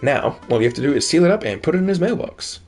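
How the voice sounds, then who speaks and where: A man's voice: on the high side, big pitch swings, fast talker, darkish tone, faint music behind, voice pushed up. A man voicing a teasing teenage daughter in a game, reading her lines in a dry, matter-of-fact way. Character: teenage girl, the player's sharp daughter. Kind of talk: reading game dialogue aloud.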